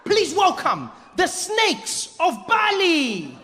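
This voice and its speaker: A man's voice: extremely high pitch, huge pitch swings, drawn-out words, sharp tone, big-room sound, voice pushed up, heavily acted. A man voicing a grand, overexcited tour guide announcing a show. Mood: showy.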